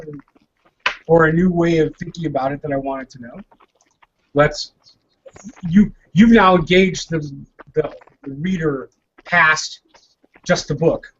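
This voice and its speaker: A man with an Indian accent co-hosts the chat, arguing his points with animated, joking energy in a fairly high voice. The audio is dull and lo-fi, with a faint hiss underneath. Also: unhurried, long pauses. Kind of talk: podcast interview chat.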